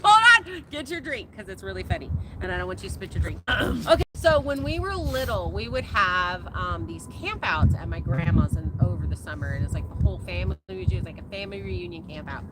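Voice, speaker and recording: A woman's voice: lowish voice, animated, brisk, hardly any pauses. A woman co-hosting a casual farm livestream, telling a family story and laughing often as she goes. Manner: laughs a lot while telling a story, rising to squeals. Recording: noisy background.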